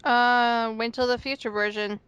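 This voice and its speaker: Matter-of-fact young woman, clear voice. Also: on the high side, level tone, unhurried, fairly bright tone, muffled recording. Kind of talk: casual group chat.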